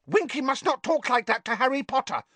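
High squeaky nervous little elf guy, kinda thin and strange. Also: lively intonation, fairly quick, pushed and bright, dry recording, full character voice. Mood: angry. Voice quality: high eager voice, speaks of himself by name. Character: timid devoted male house elf. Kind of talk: audiobook character voice.

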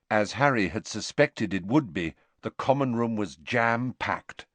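A man narrating an audiobook in an expressive, measured storytelling manner. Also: medium pitch, dry recording. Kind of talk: scripted narration.

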